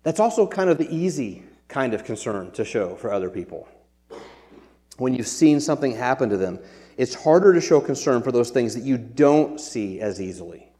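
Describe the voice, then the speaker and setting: A man's voice: medium pitch, dark tone. Earnest preacher man in a reverberant hall. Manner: earnest, conversational preaching with frequent restarts. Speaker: pastor. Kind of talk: sermon.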